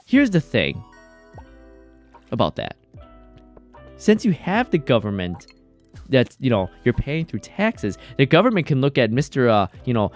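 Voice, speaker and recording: A man streaming a game, chatting casually in a rambling, jokey way and reacting to chat. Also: mid-range voice.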